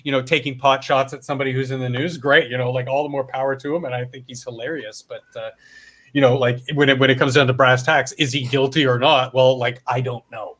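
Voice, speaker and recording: A man's voice: mid-range voice, steady tone, quick pace, a bit bright. A man from Canada hosting a podcast, talking in a casual, rambling way with frequent restarts and swearing. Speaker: podcast host. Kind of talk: casual chat.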